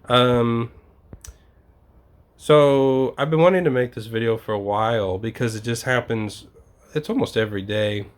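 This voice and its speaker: A young man talks straight to his viewers in a loose, unscripted vlog. His voice sits at an ordinary middle pitch, and he vents his frustrations with plenty of swearing. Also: measured pace. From United States. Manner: profane, exasperated storytelling. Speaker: vlogger. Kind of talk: casual ranting vlog.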